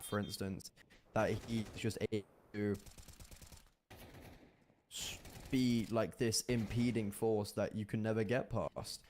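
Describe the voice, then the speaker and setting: A man casting a live competitive shooter match as play-by-play commentator, animated and rising in bursts at big plays. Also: fairly low pitch, slight background noise. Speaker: esports caster.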